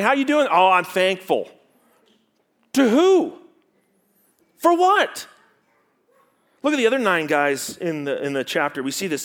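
Animated pastor preaching, higher male voice. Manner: animated, swinging from loud emphatic questions to low quiet stresses; teacherly, rhetorical questions to the congregation. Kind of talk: sermon.

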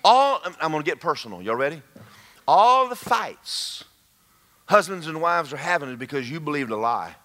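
Male pastor, lively preaching delivery, bright and forceful, slightly high. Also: normal speed. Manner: animated, emphatic, calls out to the congregation. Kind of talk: sermon.

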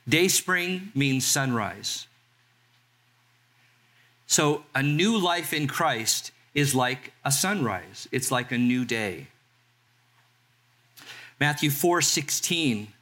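A man in his sixties from Southern California, a pastor preaching a sermon in a conversational way and slowing down to read scripture. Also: mid-range voice, lively intonation, pushed and bright. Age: 60s. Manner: conversational, reads scripture slowly.

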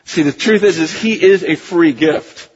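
A male pastor delivering an impassioned sermon, swinging from hushed to near-shouting, with a husky voice. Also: on the high side, a little slow, a little hiss or hum. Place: church sanctuary. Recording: lo-fi recording with long hall reverb.

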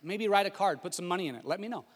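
A pastor in his thirties preaches a humorous, conversational sermon that builds into emphatic repetition. His voice is high, expressive, husky, and very fast. The recording has a long hall reverb with faint music.

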